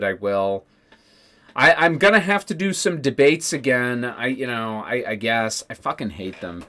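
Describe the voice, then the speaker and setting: A man's voice: fairly low pitch, bright, forceful tone. A man streaming casually, ranting sarcastically with lots of swearing, fillers and restarts. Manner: profane, sarcastic, rambling with many fillers.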